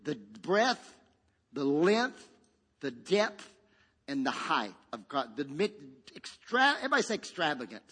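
A male pastor preaching a sermon, swinging between loud, shouted peaks and hushed, quiet passages, and calling on the congregation to repeat after him. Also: a little high, sing-song, slow, husky. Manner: dynamic preacher with sudden shouts and hushed drops, call-and-response. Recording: long reverb of a large hall.

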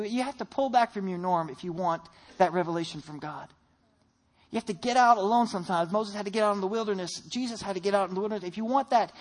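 With a high voice, a pastor and father of a young child shares a family story during his sermon, lifting his voice on the emphatic lines.

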